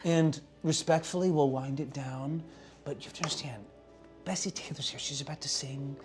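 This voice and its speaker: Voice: mid-range voice, normal speed, soft background music, close to an everyday voice. A game master voicing a flustered young woman event manager who rambles, apologizes and talks in casual slang.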